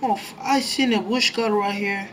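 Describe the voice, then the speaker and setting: A young man commentating his own gameplay, excitable and jumpy, swearing often. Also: high voice, normal speed, slight background noise. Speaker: gaming YouTuber.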